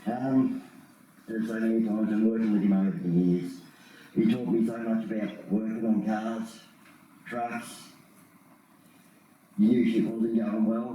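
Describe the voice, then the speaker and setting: A man's voice: lowish voice, steady tone, dark tone, a little hiss or hum. Australian man speaking at a funeral, echoey. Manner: plain spoken, halting. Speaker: eulogy speaker. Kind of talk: funeral eulogy. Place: function room. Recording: echoey hall from far off.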